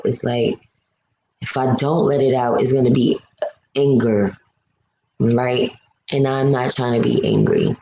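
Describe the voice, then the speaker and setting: A low, mellow-voiced woman talks straight to her live-stream viewers, blunt and emotional, cursing freely and stretching out the words she stresses. Her voice rings in a roomy echo over a faint hiss. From New York City.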